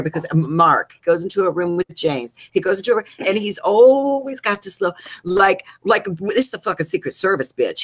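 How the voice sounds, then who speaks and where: A woman co-hosting a reality show recap, ranting casually with sassy, profane swings in pitch. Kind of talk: casual rant.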